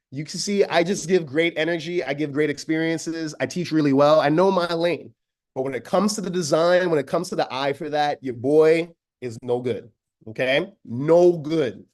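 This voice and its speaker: A man from Jamaica with a Jamaican accent, leading an energetic online training demo for teachers in a chatty, high-energy way. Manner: high-energy, chatty, calls listeners friends. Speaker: educator giving an online training.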